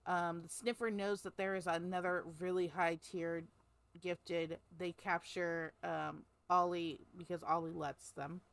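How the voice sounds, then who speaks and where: Her voice is lowish, smooth, and creaky, with a flat delivery and slightly slow pace. As a podcast co-host, she casually rambles through a novel's storyline with lots of fillers, in a laid-back book-club chat.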